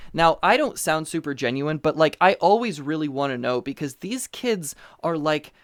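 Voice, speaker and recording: A person chatting casually over a remote call, telling animated stories with many fillers and restarts. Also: medium pitch, moderate pace, few pauses, no echo, clean studio sound. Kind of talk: casual conversational chat. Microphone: remote call mic.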